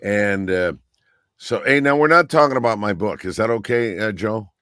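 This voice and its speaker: A man's voice: fairly low pitch, normal speed, a bit bright, smooth, no echo, studio quality. A man on a radio-style chat show, telling rambling anecdotes and often looping back with "so anyway". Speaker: guest radio personality.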